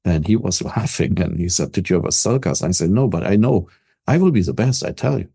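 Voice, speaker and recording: Older german guy w/ a thick accent, low voice, confident and upbeat, stumbles on restarts. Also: brisk, vocal fry, husky. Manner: energetic, self-assured, repeats words when starting. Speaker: guest, business coach. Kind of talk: casual interview talk.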